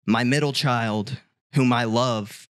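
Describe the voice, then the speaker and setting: A man voicing a gloomy, heartbroken male moth, slowly and mournfully confessing his woes to a doctor. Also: medium pitch, fairly even intonation, fairly bright tone, no echo, studio quality. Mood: despairing. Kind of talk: comedic bit told on a podcast.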